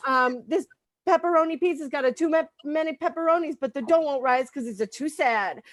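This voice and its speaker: A woman doing a loud, brassy put-on city as a comic bit. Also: sits high, fairly quick, dry recording, pitched above the performer's own voice, close to an everyday voice. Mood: brash. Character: brash street-tough New York-style woman, bipolar mood swings.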